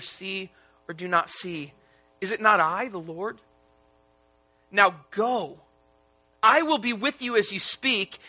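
A man's voice: high voice, pushed and bright, heavily acted. A man voicing God in a sermon retelling, pressing with insistent rhetorical questions. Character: God, firm and questioning, older male voice. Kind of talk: sermon retelling with acted quotes.

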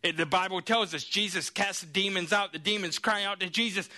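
A man preaching a sermon, telling Bible stories in an animated way and checking in with the congregation as he goes. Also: high-pitched, fairly quick, few pauses. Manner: animated storytelling with frequent "okay?" and "right?" check-ins.

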